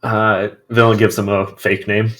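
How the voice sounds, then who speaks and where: A man's voice: fairly low pitch, flat delivery, moderate pace, fairly bright tone. A man player in a tabletop game, joking in short replies.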